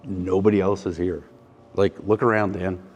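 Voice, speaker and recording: A man's voice: low voice, fairly even intonation, moderate pace, darkish tone, lo-fi sound. A man hosting a casual shop vlog, joking with his cameraman while he takes an engine apart and explains what he checks. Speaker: mechanic and channel host. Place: company workshop indoors.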